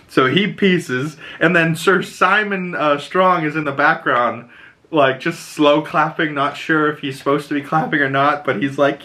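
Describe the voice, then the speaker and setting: A man hosting a podcast, casually recapping a TV episode in an excitable, rambling way, full of "like" and swear words. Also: fairly high pitch, a little slow. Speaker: podcast host.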